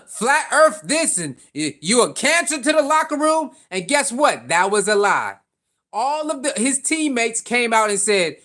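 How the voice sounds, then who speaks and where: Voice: high-pitched, very animated, moderate pace, a bit bright. Opinionated sports vlogger asking rhetorical questions. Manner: repetitive, rhetorical questions, casual slang.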